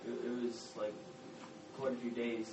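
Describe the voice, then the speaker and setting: Group member, flat-voiced man, halting remark, far off mic in an echoey room. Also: medium pitch. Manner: hesitant, halting with fillers. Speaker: Bible study participant. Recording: distant, echoey, noisy room.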